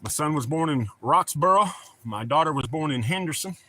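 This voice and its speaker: A man's voice: a little high, animated, brisk, bright, forceful tone. A middle-aged man with a Southern American accent, chatting casually and telling rambling, profane stories on a stream. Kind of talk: casual chat.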